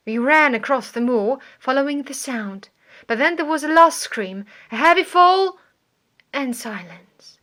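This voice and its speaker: Bright, slow woman narrator. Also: sits high, expressive. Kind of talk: audiobook narration.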